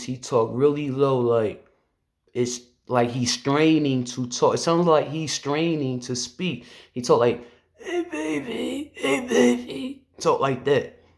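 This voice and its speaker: Speaking in a mid-range voice, a man who is a police officer shares a personal story to camera, earnest and conversational, his phrasing loose and his sentences sometimes restarting.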